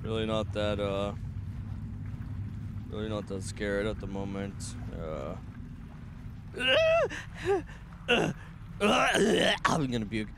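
A young man streaming a horror game, rambling nervously and breaking into panicked shouts. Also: fairly low pitch, steady tone, a little slow, pauses often, very noisy. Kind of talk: horror game livestream commentary.

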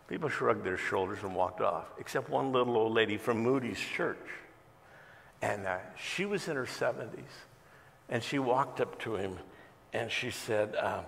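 A male pastor preaching a sermon in a large church, telling a story with dramatic swings between loud and quiet. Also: fairly low pitch, normal speed, vocal fry, a little hiss or hum. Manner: storytelling with dramatic shifts in loudness. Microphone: church sound system, streamed. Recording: echoey large church hall.

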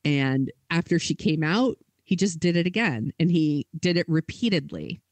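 Higher-voiced man telling a story, casual. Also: animated, moderate pace, dry recording. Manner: casual, filler-heavy retelling with acted quotes. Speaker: podcast host.

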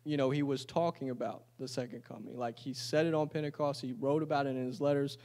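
A man's voice: medium pitch, fairly even intonation, fast, a little mellow. A man preaching a sermon in a church. He reads scripture aloud and then explains it in casual, everyday talk. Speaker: pastor.

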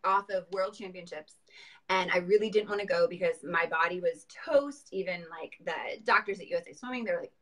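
Middle-aged woman telling swim stories, laughs a lot, lively and chatty. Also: lowish voice, brisk, low-quality recording. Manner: animated storytelling with frequent laughs. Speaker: guest, former competitive swimmer. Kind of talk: casual interview chat.

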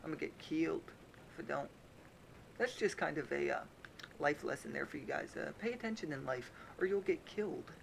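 Gravelly young man doing playful game commentary. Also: on the high side, animated, fairly quick, slight background noise, rough recording. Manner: playful, jokey, puts on silly voices. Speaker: gaming YouTuber. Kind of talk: casual let's-play commentary.

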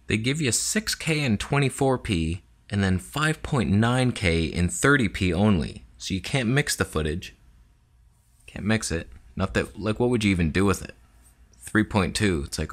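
A man's voice: on the low side, fairly bright tone. A man vlogging a sarcastic, exasperated comedy rant about a camera.

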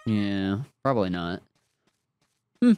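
A man's voice: lowish voice, slow pace. A man playing an online game with friends, speaking hesitantly and repeating words as he thinks. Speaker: player in a group game. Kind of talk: casual gaming chat.

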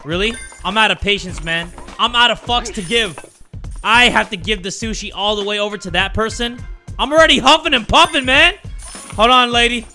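A man doing let's-play commentary, joking and animated, swearing freely as he plays. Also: high voice, brisk, faint music behind. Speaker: gaming YouTuber.

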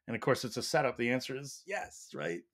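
Animated man telling a coaching story. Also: mid-range voice, fairly quick, over a noisy crowd. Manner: animated storyteller, acts out quotes. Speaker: leadership professor, guest. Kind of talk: storytelling interview answer.

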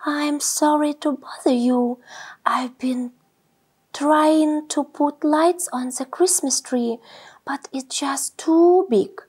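A woman voicing a timid little male mole in a storybook read-aloud, soft and whispery. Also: sits high, slow.

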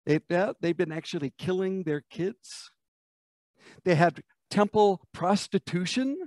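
An American pastor preaches a sermon, retelling a scripture passage as a vivid story. He often invites listeners to picture the scenes. His voice is fairly high, and the sound is dry and close. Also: a little slow, a little mellow, no room sound. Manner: vivid storytelling, asks the congregation to imagine.

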